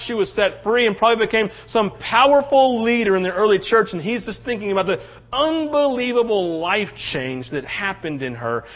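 A man with a high voice preaching in a casual, animated style, often tossing in "right?" to the congregation. The recording sounds dull and lo-fi. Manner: conversational, animated, acts out quotes, often asks "right?". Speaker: pastor. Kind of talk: sermon.

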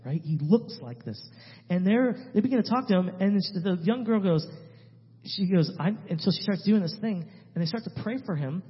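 High-voiced man telling an animated testimony. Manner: emphatic, swings from loud to hushed. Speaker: missionary guest speaker. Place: church sanctuary. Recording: reverberant hall, dull lo-fi sound.

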